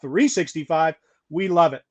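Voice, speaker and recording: A man hosting a sports betting show, briskly rattling off stats and odds and laughing mid-sentence. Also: fairly high pitch. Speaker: host, betting analyst. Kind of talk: casual sports betting chat.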